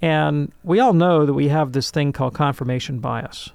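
A man in a call-in radio discussion, answering a listener's question in an animated, lecturing way and checking in with "right?". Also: on the high side, normal speed, vocal fry, no echo.

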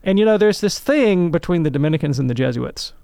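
Gravelly-voiced man explaining with animation. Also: on the high side, quick pace. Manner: animated, lecturing, tags points with "right?". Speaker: guest answering a listener's question. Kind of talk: call-in radio discussion.

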